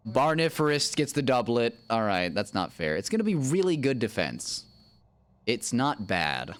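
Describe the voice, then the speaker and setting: Streaming a video game alongside his wife, a man chats playfully, narrates his own moves and hums silly nonsense tunes. His medium-pitched voice is sing-song, clear and resonant, at normal speed, with no echo in the casual livestream commentary.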